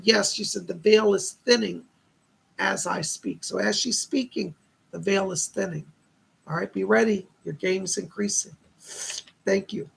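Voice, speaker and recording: A man's voice: sits high, gravelly, bright, forceful tone, husky. A man hosting a live stream of psychic readings, chatty and upbeat, reading viewer comments aloud and thanking donors.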